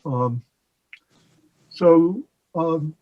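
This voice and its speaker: An older man, a guest poet, chatting on a video call, halting with many restarts and slowing down to read poems aloud. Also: on the high side, lo-fi sound. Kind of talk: casual discussion with poetry readings.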